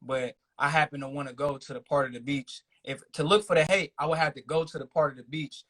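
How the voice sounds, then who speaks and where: A man's voice: fairly high pitch, steady tone, fast, a bit bright. A laid-back man, a rapper guest chatting casually in an interview, laughing often and talking in loose run-on thoughts.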